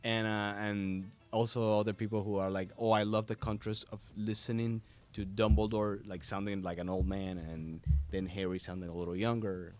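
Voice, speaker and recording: Congested man, low voice, studio chat. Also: normal speed, few pauses, faint music behind. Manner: animated, jumps into quoted voices. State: a little congested. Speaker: guest voice actor. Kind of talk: casual interview chat. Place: podcast studio in a hobby shop.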